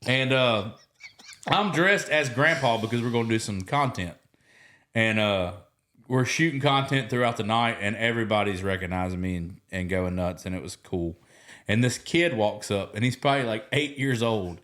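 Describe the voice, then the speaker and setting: A man with a Southern US accent, hosting a podcast and telling stories in casual chat, animated, swinging between loud and soft. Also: fairly low pitch, moderate pace. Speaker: podcast host.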